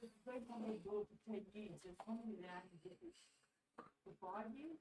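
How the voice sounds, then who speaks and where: A woman in casual conversation at home, offhand and chatty. Her voice sits at an ordinary middle pitch. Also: animated, normal speed, warm tone, rough recording. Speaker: housemate. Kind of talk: casual chat.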